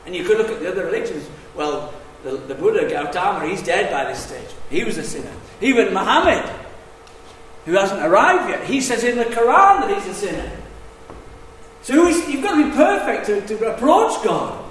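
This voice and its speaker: A high-voiced man delivers a sermon with lively, sweeping pitch. He drops to hushed asides and then rises to loud, emphatic declarations. The sound is distant, with long reverb in an echoey hall. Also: moderate pace, a little hiss or hum. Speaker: preacher.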